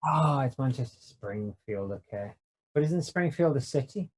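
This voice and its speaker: A man co-hosts a casual podcast, narrating scenes with playful, deadpan wit. His voice sits in a middle register. The sound is close and dry, with no room around it. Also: mid-range voice, normal speed, slightly rough, no room sound. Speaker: podcast co-host. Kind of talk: casual podcast chat, reading out scene descriptions.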